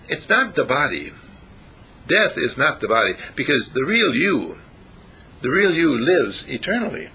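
A man's voice: medium pitch, sharp tone, a little hiss or hum. A man giving an informal spiritual talk to a small group, asking his listeners questions and chuckling often. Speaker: spiritual teacher.

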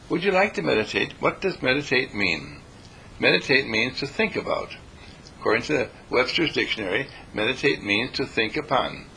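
A California dean and spiritual teacher gives a spoken meditation lesson in a folksy, repetitive way, slipping into panicked voices to drive his points home. His medium-pitched voice has vocal fry and a sharp edge, and the rough recording carries faint noise.

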